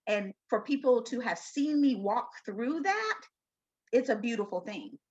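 Woman, middle-aged, earnest storyteller, husky voice, lo-fi sound. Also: fairly high pitch, big pitch swings, a little slow, a little mellow. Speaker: guest. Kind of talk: personal testimony interview.

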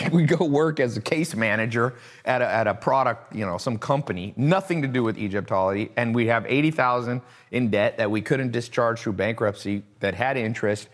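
A man as a podcast guest, talking casually and acting out the voices of people in his stories. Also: mid-range voice. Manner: animated storyteller, mimics voices.

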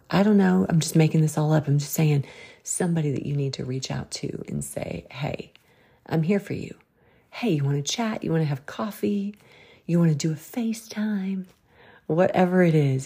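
A woman's voice: deep voice, vocal fry, mellow, breathy edge. A woman with a Southern drawl hosting a podcast, giving folksy, preachy faith-based encouragement. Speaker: podcast host.

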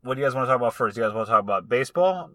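A man in his thirties hosts a casual sports podcast and keeps the talk moving in a relaxed way. His mid-pitched voice is bright and crisp. The recording is dry and close. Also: rapid-fire, no echo. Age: 30s. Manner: relaxed, runs the segments, laughs easily. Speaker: podcast host.

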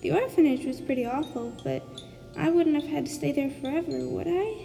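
A high, plucky little orphan girl from a storybook, played by a woman reader, earnest and matter-of-fact. The voice is soft-toned and rings with a long reverb, with gentle music under it. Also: fairly quick, gravelly. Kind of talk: storybook reading.

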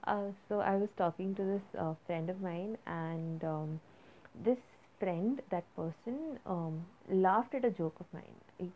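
A woman's voice: lowish voice, unhurried, a little hiss or hum. A young woman hosting a casual solo podcast, rambling and hesitant, with many fillers and restarts. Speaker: podcast host. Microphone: phone app recording. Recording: phone-like lo-fi audio.

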